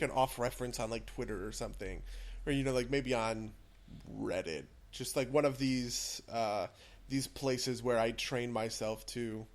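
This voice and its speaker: Rambling, opinionated young man. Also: medium pitch. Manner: rambling, filler-heavy, opinionated. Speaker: podcast co-host. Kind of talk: casual chat about games.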